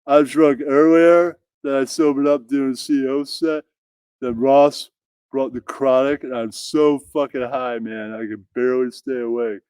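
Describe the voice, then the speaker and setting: A man's voice: medium pitch, steady tone, measured pace, a little mellow, clear, resonant tone, dry recording, lightly acted. A man voicing a drunk, stoned, boastful male comic who talks in crude, profane slang. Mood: stoned boasting.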